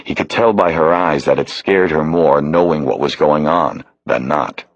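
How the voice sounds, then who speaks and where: A man narrating a crime thriller audiobook in a measured, steady way. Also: a bass voice, highs cut off. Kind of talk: scripted narration.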